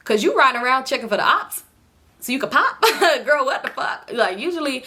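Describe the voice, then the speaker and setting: A young woman tells a story to camera in casual, slang-heavy chat, her voice bright and a little high. She talks fast and acts out her friends' lines, lifting her voice for each one. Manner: animated, acts out quoted friends in raised voices. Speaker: storytime vlogger.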